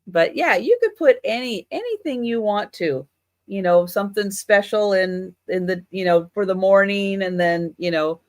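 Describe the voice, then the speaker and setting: A woman hosting a live online vintage sale, describing items in a relaxed, chatty way with lots of fillers. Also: mid-range voice, dry recording, clean studio sound. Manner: unhurried, chatty with many fillers. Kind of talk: casual live selling.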